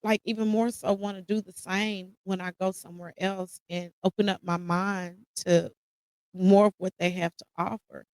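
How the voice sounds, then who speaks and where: A woman's voice: mid-range voice, little pitch movement, moderate pace, darkish tone, smooth, no room sound, rough recording. An American woman hosting a podcast, speaking casually and emotionally while holding back tears as she reflects on a personal story. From United States. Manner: casual, addresses listeners as y'all. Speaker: podcast host.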